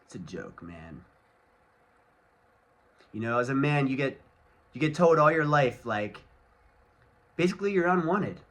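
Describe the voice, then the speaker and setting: A man's voice: mid-range voice, sing-song, unhurried, long pauses, fairly bright tone. A man with a mid-range voice vents straight to the camera in a solo vlog rant. His talk is angry and laced with swearing. He rambles loosely from point to point, padding it with fillers. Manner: angry, profane ranting. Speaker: vlogger.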